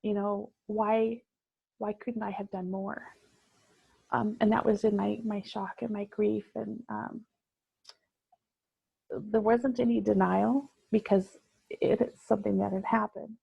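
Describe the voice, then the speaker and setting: A woman guest sharing a personal story in conversation, reflective and halting, with many fillers. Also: medium pitch, level tone, vocal fry, slightly rough, no echo, dull audio.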